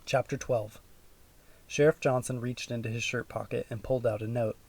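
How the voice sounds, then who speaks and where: A man reading a children's audiobook aloud in a steady, even storytelling manner. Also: medium pitch, quick pace. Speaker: audiobook narrator. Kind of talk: scripted narration.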